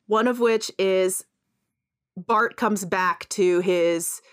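A woman's voice: medium pitch, extremely slow. A woman in a casual podcast chat, animatedly retelling a film and acting out quoted lines between laughs.

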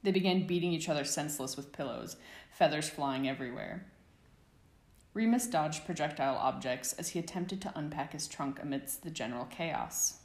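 Low-voiced woman reading a story. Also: moderate pace. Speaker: audiobook narrator. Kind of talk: fan fiction reading. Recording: echoey room.

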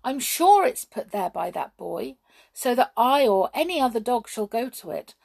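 Woman voicing a small talking dog, bright and quick, storybook reading. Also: on the high side, very animated, vocal fry, pitched above the performer's own voice, heavily acted. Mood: eager. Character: small eager male dog.

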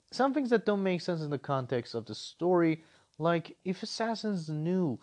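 A man giving a casual spoken game review, ranting in an animated, exasperated way. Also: on the high side.

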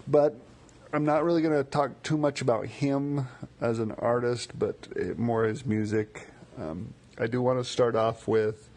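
Low gravelly-voiced man, slow and relaxed. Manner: relaxed, rambling, frequent fillers and repeats. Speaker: music podcaster. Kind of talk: casual spoken music commentary.

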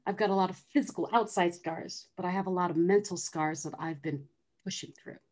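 A woman's voice: fairly low pitch, brisk, a little mellow. A middle-aged woman earnestly telling her personal story as an interview guest. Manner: earnest, acts out quoted voices.

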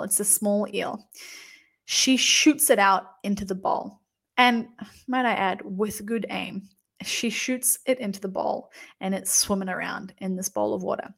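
A woman's voice: mid-range voice, creaky, fairly bright tone. A young woman telling a travel story casually, chatty and full of filler words. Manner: chatty, frequent "like" fillers and laughter.

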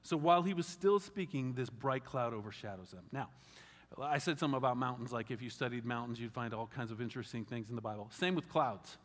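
A man pastor preaching a sermon in a conversational, animated way with wry asides. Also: medium pitch, fast talker. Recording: long reverb of a large hall.

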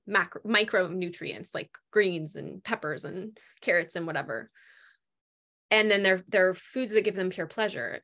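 A woman talking casually about food cravings, animated and acting out people's inner voices. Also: mid-range voice. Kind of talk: casual conversation.

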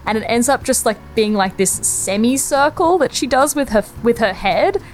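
A woman's voice: fairly high pitch, expressive, moderate pace, a little hiss or hum. Chatty young woman storyteller. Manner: conversational, chatty, laughs often, many fillers. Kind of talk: personal anecdote storytelling.

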